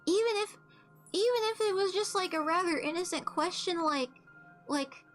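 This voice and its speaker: Very high-voiced, foul-mouthed young woman. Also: normal speed, fairly bright tone, soft background music. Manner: blunt, profane storytelling. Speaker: streamer. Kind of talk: casual chat while playing a game.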